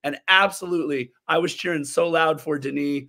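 A man co-hosting a casual soccer podcast, his voice hoarse from cheering, telling stories in an animated, rambling way. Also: fairly high pitch, a little fast. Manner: rambling, animated storytelling with restarts. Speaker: podcast co-host. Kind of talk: casual sports podcast chat.

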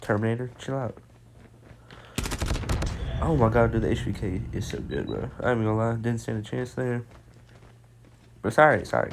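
A man giving casual, excitable gameplay commentary, full of slang and self-mocking trash talk, with game gunfire behind him. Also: medium pitch, gravelly, background noise. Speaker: gameplay streamer. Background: game gunfire and explosions.

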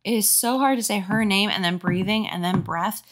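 A woman's voice: medium pitch, normal speed, a bit bright, soft background music. Tipsy young woman reading a spooky kids book, trips over words, snarky little comments. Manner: sarcastic asides, stumbles over words. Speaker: host reading a kids' horror book. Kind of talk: comedic drunk read-aloud.

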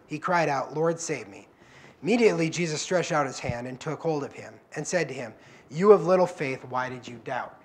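A man preaching a sermon, telling the Bible stories in a conversational way and acting out the quoted lines. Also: a little high. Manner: conversational, acts out quoted prayers and dialogue. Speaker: guest preacher. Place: church.

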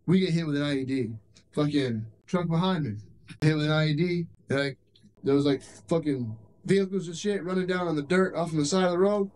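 Profane young soldier telling war stories. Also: male voice, on the high side, fairly quick, a little mellow, low-quality recording. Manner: profane, rambling, laughs while telling. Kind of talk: casual war story. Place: military base in Iraq. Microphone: handheld camcorder.

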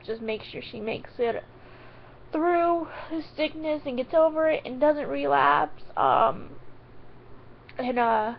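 Tearful woman vlogger on the verge of crying, higher voice with gravelly fry, halting ums, dull lo-fi sound. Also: slight background noise. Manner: halting, full of ums and restarts. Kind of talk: emotional direct-to-camera vlog.

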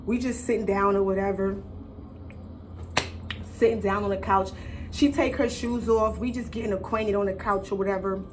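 A young woman vlogger telling a personal story in a casual, animated, profane and slangy way. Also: mid-range voice, normal speed, pauses often, a little hiss or hum.

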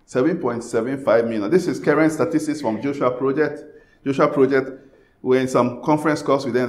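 This sermon comes from a Ghanaian man serving as pastor, whose medium-pitched voice carries through a roomy space. He swings between hushed pleas and loud bursts of passion.

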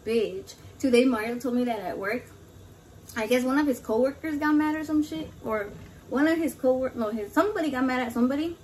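A woman's voice: high-pitched, a little fast, a little mellow, a little hiss or hum. A brash woman chatting in a casual cooking vlog from her home kitchen, swearing constantly and mixing in Spanish words. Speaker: home cook vlogger.

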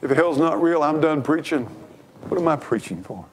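A man's voice: on the high side, animated, moderate pace, slight background noise. A man preaching a sermon from the pulpit, emphatic and fervent, repeating his phrases for weight. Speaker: pastor. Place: church.

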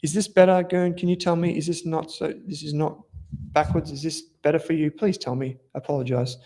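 A man's voice: fairly high pitch, flat delivery, a little fast, warm tone. An Australian man hosting a casual investing livestream, chatting loosely with viewers, rambling and correcting himself as he goes. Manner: chatty, rambling, self-correcting, informal slang. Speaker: livestream host, investment analyst. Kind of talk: casual live-stream talk, reading viewer comments.

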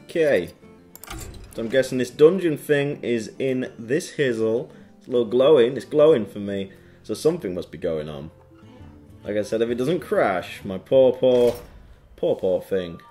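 A man's voice: mid-range voice, lively intonation, moderate pace, mellow, faint music behind. A man hosting his own gaming channel, casually commenting on a card game with playful quips and goofy sound effects while reading card text aloud.

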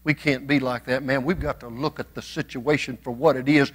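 A man preaching a church sermon, swinging from folksy storytelling to passionate shouting. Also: mid-range voice, steady tone, normal speed. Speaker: pastor.

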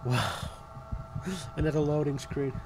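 A man's voice: on the high side, measured pace, noisy background. A man doing casual let's-play commentary, sarcastic and swearing as he laughs at the game. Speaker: gameplay commentator.

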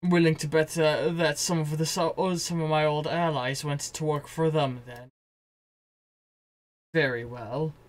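A man voicing a calm, scheming male scientist in a tabletop game, speaking slowly and quietly. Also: fairly high pitch, natural voice. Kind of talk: tabletop role-play voicing.

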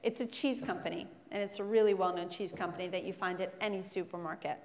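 A woman's voice: lowish voice, steady tone, fast talker. Middle-aged lady chef lecturing students, frank and jokey, big echoey hall. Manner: joking, frank, self-mocking asides. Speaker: chef giving a guest lecture. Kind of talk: candid motivational talk to students. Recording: long hall reverb.

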